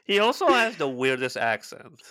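A man's voice: medium pitch, very animated, moderate pace, sharp tone, dry recording. A man co-hosting a podcast, chatting casually, sarcastic and exclaiming with frequent swearing. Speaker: podcast co-host. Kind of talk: casual chat.

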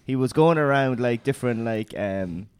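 A man's voice: medium pitch, lively intonation, moderate pace, darkish tone, clear, resonant tone, no echo. An Irish man co-hosting a podcast, chatting casually with frequent hesitations and restarts. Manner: hesitant, many fillers and restarts. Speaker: podcast co-host. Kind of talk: casual chat.

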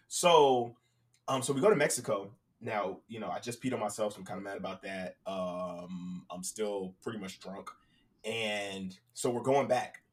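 A man telling a casual story on a podcast, profane and animated, acting out both sides of conversations. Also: fairly low pitch, normal speed, recorded from a distance.

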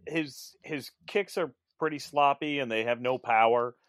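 A man co-hosting a podcast, chatting about a movie in a relaxed, hesitant way with many fillers. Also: medium pitch, a little slow, no echo. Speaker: podcast co-host. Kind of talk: casual movie chat.

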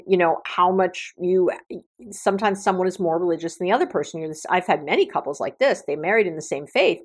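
A middle-aged woman hosting a relationship podcast as a therapist, talking casually and effusively to her listeners. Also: lowish voice. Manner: warm, effusive, affectionate toward listeners. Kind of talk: casual solo podcast talk.

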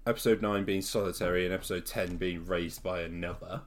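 A man's voice: deep voice, steady tone, a little fast. A man co-hosting a podcast, casual and teasing, laughing a lot and swearing now and then. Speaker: podcast co-host. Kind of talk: casual chat.

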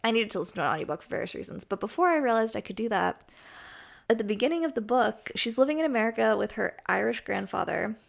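A woman's voice: fairly high pitch, expressive, fast talker, gravelly. A woman co-hosting a podcast, chatting casually about romance books in a chatty, self-deprecating way. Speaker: podcast co-host. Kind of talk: casual book chat.

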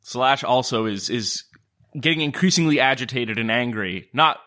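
A man's voice: medium pitch, lively intonation, normal speed, pushed and bright. A man playing a tabletop game, describing what his character does. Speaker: player.

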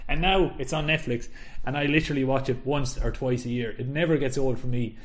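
A man's voice: mid-range voice, a little fast. A man in his thirties co-hosting a podcast, talking enthusiastically and laughing often as he retells a comedy film. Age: 30s. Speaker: podcast co-host. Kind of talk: casual chat.

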